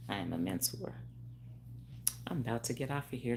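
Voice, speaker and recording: A woman in her fifties, a hairstylist speaking on a phone livestream, animated and preachy with frequent laughs. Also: very deep voice, normal speed, gravelly, over loud music. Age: 50s. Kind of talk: casual livestream talk.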